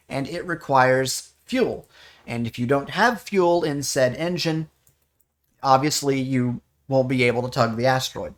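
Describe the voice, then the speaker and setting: A man talks through how a game works in a loose, rambling way, often stopping to correct himself. His voice sits a little high, and his tone stays playful. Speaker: player giving a game overview. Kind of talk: casual explanatory chat.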